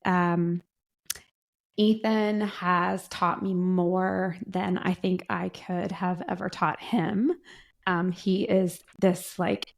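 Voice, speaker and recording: A woman's voice: lowish voice, fairly even intonation, gravelly. A woman in her forties, a podcast co-host, speaking in casual chat about her son, heartfelt and emotional. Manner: heartfelt, emotional, slow and searching. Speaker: podcast co-host, guest's mother.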